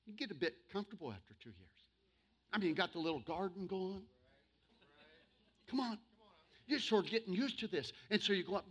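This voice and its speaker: A male pastor preaching to his church, humorous, with sudden loud bursts and slow, emphatic stretches. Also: high voice, expressive, slightly rough. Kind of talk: sermon.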